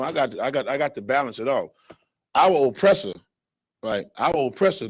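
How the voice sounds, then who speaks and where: A man teaching a blunt, animated Bible lesson who acts out other people's voices as he goes. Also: medium pitch. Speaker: scripture teacher. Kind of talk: fiery street-style Bible lesson.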